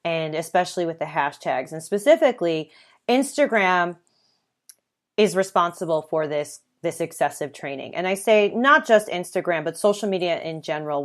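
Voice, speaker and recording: A woman's voice: low voice, normal speed. A woman hosting her own podcast, talking earnestly and conversationally, with lists and the occasional filler. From United States. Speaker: podcast host. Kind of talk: solo podcast monologue.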